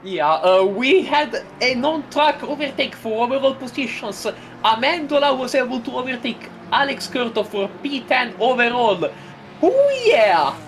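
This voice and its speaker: A woman doing casual live commentary on a sim race, playful and prone to giggling, with bursts of excitement. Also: on the high side, normal speed, few pauses, a little hiss or hum, poor audio.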